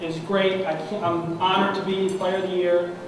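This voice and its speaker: A young man with a high voice gives an award acceptance speech, heartfelt and halting. He sounds emotional, and he is heard from a distance in a large, echoing banquet hall with a steady hum of noise around him. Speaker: award recipient. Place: large banquet room at an annual meeting. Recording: echoey hall from far off, noisy.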